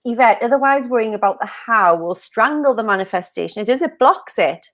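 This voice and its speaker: A woman's voice: on the high side, lively intonation, fairly quick, a bit bright. A woman co-hosting a casual livestream, chatty and bubbly, laughing often as she reads out viewer comments. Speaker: co-host of a mindset livestream.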